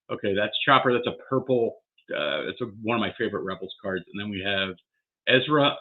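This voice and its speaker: A man vlogging as he opens graded trading cards, worked up and swearing as he talks to himself. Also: on the low side. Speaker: card collector vlogger. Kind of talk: excited unboxing vlog. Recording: tinny phone-like sound.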